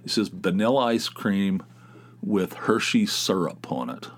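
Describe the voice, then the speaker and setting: A middle-aged man with a low voice hosts his own podcast, talking alone in a loose, casual way. He rambles through everyday stories with self-mocking humor and works himself up as he tells them. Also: lively intonation, unhurried. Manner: rambling, self-mocking storyteller who gets fired up. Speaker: podcast host. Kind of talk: casual solo chat.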